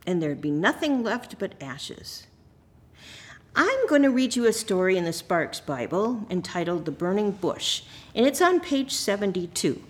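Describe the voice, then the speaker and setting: A woman reads scripture aloud at a church service, then turns to the children with a gentle storytelling manner. Her voice sits at an ordinary middle pitch. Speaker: lay reader and children's message leader. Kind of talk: scripture reading and children's sermon.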